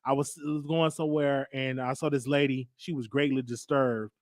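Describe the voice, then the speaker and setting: A man hosting a show, telling a comic story in a lively, joking monologue. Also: normal speed, dry recording, studio quality. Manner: animated storytelling, jumping into high voices for others. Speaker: host. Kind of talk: comedic monologue.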